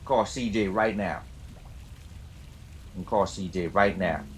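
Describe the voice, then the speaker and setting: A man's voice: low voice, slow. A man live-streaming a game, chatting casually and swearing while he teases his chat from his home gaming chair. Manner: hyped, profane, teasing his chat. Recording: noisy background.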